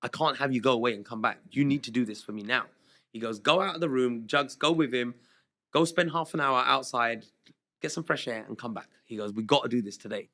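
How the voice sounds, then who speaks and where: A man tells a story in a casual interview, his tone bright and forward. He re-enacts the conversations he describes, and his voice sounds a little worn from recent shows. His pitch sits in an ordinary middle range. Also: brisk. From Southall, London. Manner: chatty, re-enacts dialogue with "he goes" and "I was like". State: slightly worn voice after shows. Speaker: guest singer.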